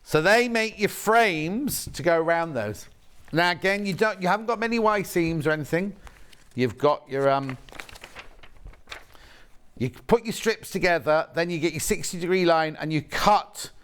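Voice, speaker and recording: A man's voice: a little high, expressive, measured pace, fairly bright tone, clean tone. A man presenting live on a shopping channel, chatting as he points out each fabric and reads out viewer messages. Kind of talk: live TV sales demonstration. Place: TV studio.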